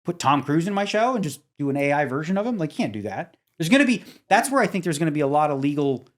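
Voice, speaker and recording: A man talks in a relaxed, conversational podcast chat. He gets excitable as he tells stories, and his voice leaps upward when he's amazed. He's loose and animated and keeps the banter going. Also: fast talker. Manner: excitable, animated storyteller who jumps up in pitch when amazed. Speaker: podcast co-host. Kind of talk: casual chat.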